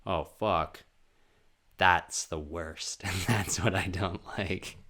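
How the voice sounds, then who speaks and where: Young man, low-pitched, rambling, self-deprecating, casual solo podcast host. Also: fairly even intonation, slow. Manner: rambling, self-deprecating, jumps into loud sung and acted bits.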